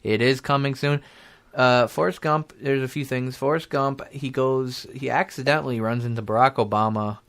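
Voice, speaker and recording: A man's voice: mid-range voice, fairly even intonation, moderate pace, fairly bright tone. A young man joking on a college radio show. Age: young adult. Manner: rambling, joking, spins silly made-up stories. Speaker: talk show host. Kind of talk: casual comedic chat.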